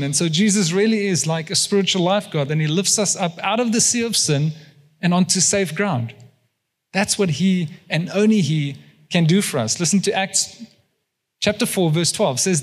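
A man's voice: sits high, in a large hall. A South African man preaching a sermon as pastor, emphatic, tossing questions to the congregation. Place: church hall.

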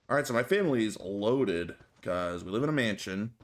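A male streamer chats through his gameplay in a playful, joking way. His voice swings widely in pitch as he reacts to each new discovery. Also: animated, a little fast, hardly any pauses. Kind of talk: casual game commentary.

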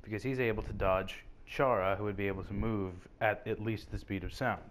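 A man's voice: on the low side, fairly quick. A young man co-hosting a casual fan debate, rambling and stammering as he gets going. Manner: rambling, restarts and stammers when excited. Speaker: co-host.

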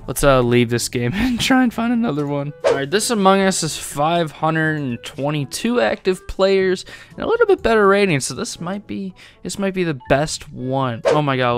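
A young man giving excitable let's-play gaming commentary, swearing often and laughing a lot. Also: on the high side. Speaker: gaming YouTuber.

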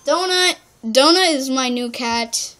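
A woman's voice: high voice, slow, bright, forceful tone, slight background noise. A young woman giving chatty, rambling let's-play commentary, full of "like". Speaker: gamer.

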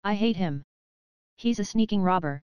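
A woman's voice: medium pitch, lively intonation, normal speed, a little mellow, clean tone, no room sound, lo-fi sound, lightly acted. A woman reading the part of a hot-tempered young male fox who sulks and gives in grudgingly. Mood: angry. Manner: sulky, grudging.

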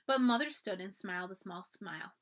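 A woman librarian reading a children's storybook aloud, expressive and often dropping to a hush for the dramatic parts. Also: medium pitch, brisk.

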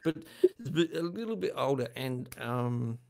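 Older guy chatting on a livestream, gravelly voice, jokes at his own expense, laughs a lot. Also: medium pitch, animated, measured pace, crowd noise. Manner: chatty, self-deprecating, laughs often. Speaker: channel host. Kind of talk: casual livestream chat.

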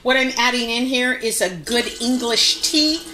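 Bright, chatty woman hosting a cooking show. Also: fairly high pitch, moderate pace, echoey room, slight background noise. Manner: chatty, explains steps while cooking. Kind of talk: live-streamed cooking show chat. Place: home kitchen.

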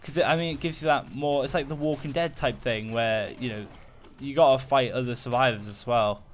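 A man talking casually over his own gameplay, rambling through fillers and half-finished thoughts. His voice sits at an ordinary middle pitch and jumps up when something surprises him. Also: a little fast, slight background noise. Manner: rambling, full of fillers and restarts, easily excited. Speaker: gaming channel host. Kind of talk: casual let's-play commentary.

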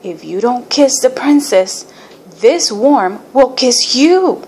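A woman's voice: high voice, animated, slow pace, a little mellow, slight background noise, exaggerated voice. A woman voicing a young girl cast as a worm in a school play, earnest and a little wistful.

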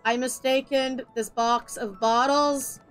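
A woman's voice: sits high, steady tone, slow, a bit bright. A woman livestreaming a video game, joking around with friends in a playful, exclamatory way. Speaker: streamer. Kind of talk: casual gameplay livestream chat. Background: game music.

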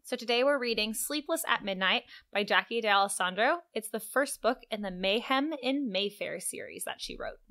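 A woman co-hosts a casual book podcast and walks through her research step by step. Her voice is slightly high and bright, with a sharp edge. She keeps the talk orderly but relaxed. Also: moderate pace, few pauses. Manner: presents researched facts in an orderly way. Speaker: podcast co-host. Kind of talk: casual chat.

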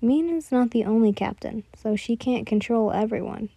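A woman reading a story aloud in soft, even narration, her voice rather high but dark and mellow. She sits close to the mic in a dry, dead space with no echo. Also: moderate pace, gravelly, few pauses, husky. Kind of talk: storybook reading of fan fiction.

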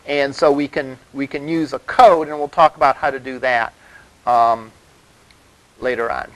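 A man's voice: mid-range voice, fairly even intonation, a little slow, rough recording. A man teaching a college web development class, talking loosely with lots of fillers and "all right?" check-ins to the room. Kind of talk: classroom lecture.

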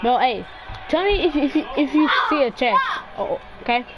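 A woman chatting casually while playing an online game, teasing a teammate over and over and yelling now and then. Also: high voice, animated, moderate pace, over a noisy crowd. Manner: taunting, repetitive teasing; loud, yelling outbursts. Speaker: gamer. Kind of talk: casual gaming chat.

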